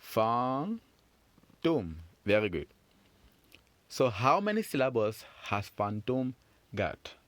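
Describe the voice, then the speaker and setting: Man, phonics teacher for kids, slow, very animated pitch, patient, encouraging, dry close sound. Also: no room sound. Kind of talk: children's phonics lesson.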